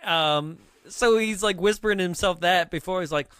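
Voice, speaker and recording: A man's voice: high voice, normal speed, a bit bright, clear, resonant tone, no room sound, clean studio sound. A man co-hosting a movie podcast, chatting casually and laughing often as he quotes the film. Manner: laughs often, quotes lines in a put-on accent. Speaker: podcast co-host. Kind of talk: casual movie review chat.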